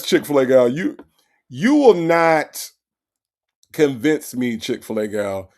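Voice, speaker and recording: A man hosting a casual comedic commentary, animated and talking back to his chat. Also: mid-range voice. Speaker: commentary host.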